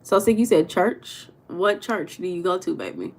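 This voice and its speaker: A woman's voice: on the low side, animated, moderate pace, a little mellow. Chatty woman livestreaming. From United States. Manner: chatty, greets chat viewers by name. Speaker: livestream host. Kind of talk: casual livestream chat.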